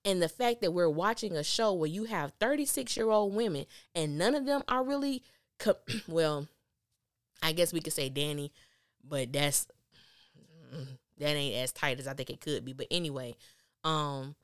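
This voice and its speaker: A woman reviewing a TV episode in casual podcast chat, animated and acting out the characters' lines. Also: low voice, moderate pace, no room sound, studio quality. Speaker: TV recap podcaster.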